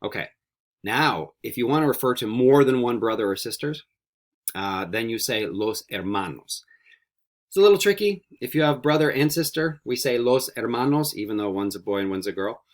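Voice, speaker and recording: A man teaching a Spanish vocabulary lesson, repeating each word slowly and coaxing students with friendly questions. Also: mid-range voice, animated. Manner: slow, carefully repeated word drills. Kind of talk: recorded classroom vocabulary lesson.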